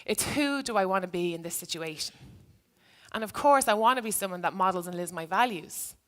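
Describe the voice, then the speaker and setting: A woman's voice: mid-range voice, animated, fairly quick, a bit bright. A woman who used to be a teacher, giving a reflective talk to an audience and telling a story from her classroom. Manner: earnest, reflective. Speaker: speaker, former teacher.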